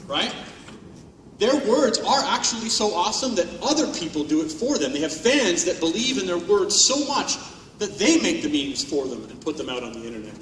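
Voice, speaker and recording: A man with a fairly high voice gives a sarcastic, profane comedic keynote from a conference stage. His voice rings through a large hall with a long reverb tail. He sounds set back from the microphone, with faint room noise underneath. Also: a bit bright, distant mic. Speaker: conference speaker. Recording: echoey hall, speaker off-mic.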